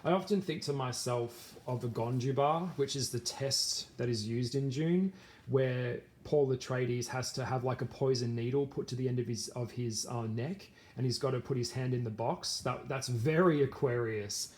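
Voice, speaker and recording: A man talks casually to his viewers in a middle-pitched voice. He rambles, trails off and restarts his sentences, and fills the gaps with "um" and "like". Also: normal speed, darkish tone. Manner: rambling, with many fillers and restarts. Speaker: vlogger. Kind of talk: casual talk to camera.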